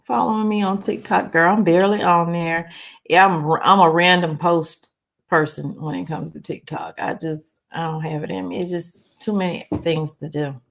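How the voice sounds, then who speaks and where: Her voice lowish, steady, and gravelly at normal speed, this North Carolina livestream host chats casually and reads viewer comments aloud. Reading is a struggle and goes slowly, and her rambling talk is full of "um"s and restarts.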